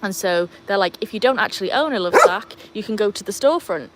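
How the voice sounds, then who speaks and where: A woman's voice: mid-range voice, animated, quick pace, very noisy. A woman hosting a casual live stream for her dog channel, rambling along with lots of fillers. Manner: chatty and rambling, with many fillers. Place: outdoors beside a pool.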